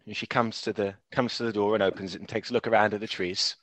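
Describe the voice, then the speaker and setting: A man running a tabletop game as game master on a podcast, animated and quick to laugh. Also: on the low side, no echo. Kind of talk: actual play podcast narration.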